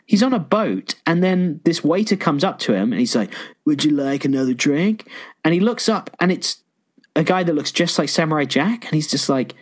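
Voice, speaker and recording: Excitable, sweary man on a podcast. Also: a little fast. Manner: excitable, swears, jumps into high pitch when enthused. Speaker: podcast co-host. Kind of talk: casual podcast chat.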